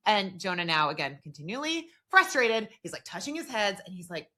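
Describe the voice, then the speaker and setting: Bright lively woman on a podcast, chatty recap, does the characters' lines. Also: mid-range voice, a little fast, hardly any pauses. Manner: animated, recounts dialogue in quoted voices. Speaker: podcast co-host. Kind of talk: casual recap chat.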